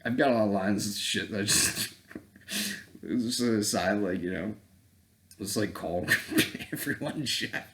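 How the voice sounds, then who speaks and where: A man's voice: fairly low pitch, a little slow, long pauses, fairly bright tone, a little hiss or hum. A man vlogging as a dating coach in a casual, profane rant, blunt and breaking into laughing asides.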